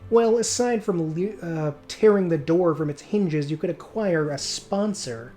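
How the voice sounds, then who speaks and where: A man's voice: on the high side, unhurried, mellow, faint music behind, natural voice. A man voicing a polite, prim female secretary who guards a club's door. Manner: polite, crisp, gatekeeping.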